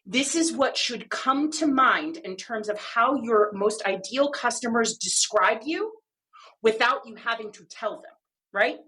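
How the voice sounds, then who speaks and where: A woman's voice: a little high, lively intonation, unhurried, pushed and bright. A woman co-hosting a podcast, explaining ideas in an emphatic, playful way with many rhetorical questions. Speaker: podcast co-host.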